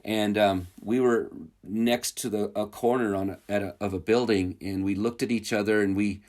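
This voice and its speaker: Low-voiced man, rambling chuckling storyteller. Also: fairly even intonation, normal speed, darkish tone. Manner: rambling and chuckling, with many fillers and restarts. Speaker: returned missionary telling stories. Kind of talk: casual storytelling interview.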